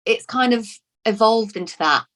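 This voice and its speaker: A woman's voice: on the high side, expressive, moderate pace, a bit bright. A woman from Lincoln in England, an actress talking in a casual interview, chatty and full of restarts and repeated words. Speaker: actor being interviewed.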